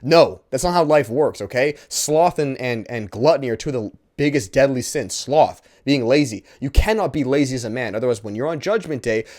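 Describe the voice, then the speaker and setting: Fast-talking blunt man hosting. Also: mid-range voice, animated, a little mellow. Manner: blunt, emphatic, many fillers and restarts. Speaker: host. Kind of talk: casual preachy Q&A talk.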